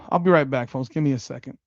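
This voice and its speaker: Hosting a livestream, a man with a medium-pitched voice talks fairly quickly over lo-fi audio. He reacts excitably to a game, exclaiming and cursing at plays, and keeps repeating rhetorical questions to his chat.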